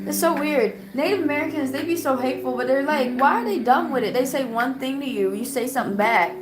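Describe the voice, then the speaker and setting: Young female streamer, heated and confrontational, somewhat high voice, music playing under her. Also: roomy sound. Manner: confrontational, rapid-fire rhetorical questions. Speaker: livestream host. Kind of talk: heated casual livestream rant. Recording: music playing clearly behind.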